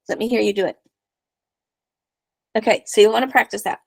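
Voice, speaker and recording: A woman teaching Spanish pronunciation, leading slow repeat-after-me drills of syllables and sentences. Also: on the high side, steady tone, creaky, a little mellow, dry recording.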